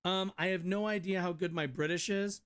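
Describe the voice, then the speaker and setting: A man's voice: high voice, steady tone, brisk, fairly bright tone, clean tone. A man streamer ranting in a casual, blunt and profane way, rambling with restarts. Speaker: streamer reading and reacting to a news article. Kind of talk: casual rant commentary.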